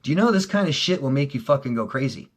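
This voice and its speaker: Middle-aged guy ranting to the camera, swears a lot, gets loud then drops real low. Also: expressive, fast. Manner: heated, profane, swings from shouting to low and quiet. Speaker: relationship coach. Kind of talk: casual monologue to viewers.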